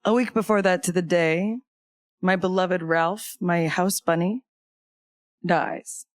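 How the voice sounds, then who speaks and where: A woman's voice: on the low side, fairly even intonation, slow, dry recording. Candid woman telling a grief story. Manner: candid, wry humor mixed with grief. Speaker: podcast guest. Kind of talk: personal storytelling in conversation.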